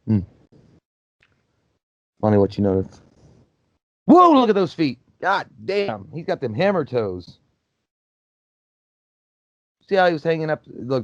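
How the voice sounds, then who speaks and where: A movie commentary host riffs casually on a film, talking through what's on screen in a loose, profane, joking style. His voice is mid-range, with no echo, and the recording is dry and a bit dull, like a basic home mic.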